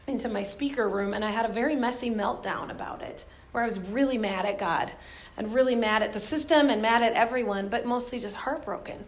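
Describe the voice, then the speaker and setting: A woman's voice: on the high side, a little hiss or hum. A middle-aged woman speaking to ministry volunteers, telling candid stories with frequent laughs. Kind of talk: motivational talk to volunteers.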